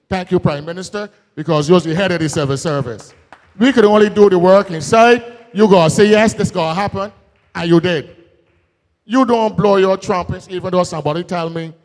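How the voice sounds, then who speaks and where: A Barbadian man with a high voice delivers a political rally speech, mixing folksy jokes with bursts of shouted emphasis. His words ring out with a long reverb tail from a big venue. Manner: folksy, joking asides, rising to shouted emphasis. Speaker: political speaker.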